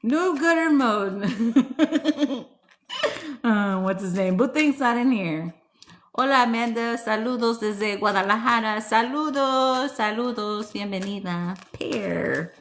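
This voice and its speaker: A woman's voice: on the high side, measured pace, fairly bright tone. A woman hosting a casual livestream, reading chat and giggling often, switching between English and Spanish in a playful, teasing way.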